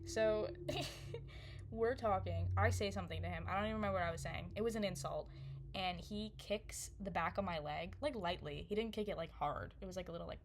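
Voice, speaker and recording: A woman's voice: on the low side, brisk, a little hiss or hum. Young woman rambling a story. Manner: animated, laughs often, filler-heavy rambling. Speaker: vlogger. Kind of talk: casual storytelling to camera.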